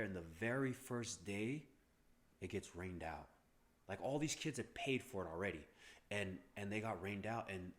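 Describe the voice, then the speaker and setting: Low-voiced man telling a story. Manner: animated, acts out quoted voices, stammers on restarts. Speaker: podcast guest. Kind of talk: casual storytelling.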